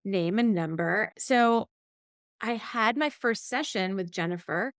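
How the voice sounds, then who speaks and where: A woman co-hosting a podcast tells a personal story in casual chat, her mid-range voice a little slow. The sound is studio quality with no echo, and she animatedly acts out the quoted voices.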